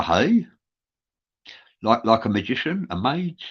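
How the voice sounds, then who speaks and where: A man's voice: fairly low pitch, animated, normal speed. London man hosting live chat, earnest and rambling, uh-heavy, muffled lo-fi sound. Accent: London English. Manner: rambling, many filler uhs, earnest. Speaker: show host. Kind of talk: live show chat reading viewer comments.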